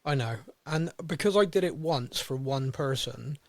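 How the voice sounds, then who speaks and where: A man hosting a podcast in casual chat, eager and quick to laugh at himself. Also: mid-range voice, expressive, no room sound. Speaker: podcast host.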